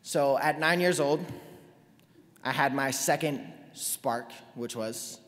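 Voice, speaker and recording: A man in his twenties from North Carolina, giving a lively, self-deprecating storytelling talk to an audience. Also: mid-range voice, slow. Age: 20s. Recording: long hall reverb.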